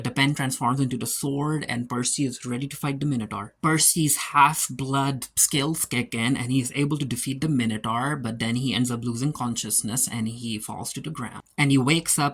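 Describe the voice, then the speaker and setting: A man's voice: mid-range voice, a bit bright. A man giving a casual episode recap as a reviewer, retelling the plot loosely with lots of fillers and quoted lines. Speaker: show reviewer.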